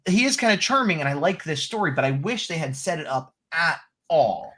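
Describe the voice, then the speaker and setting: A man's voice: on the high side, a little fast, breathy edge. A man co-hosting a podcast, chatting casually as he reviews a show and acting out little snippets of its dialogue. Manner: chatty, animated, acts out short quotes. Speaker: podcast co-host.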